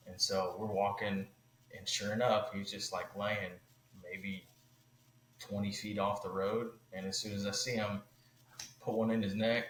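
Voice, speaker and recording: A man telling a hunting story on a podcast, animated and loose, full of "like" and "you know". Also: fairly low pitch, a little slow, roomy sound, slight background noise, rough recording. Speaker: podcast guest.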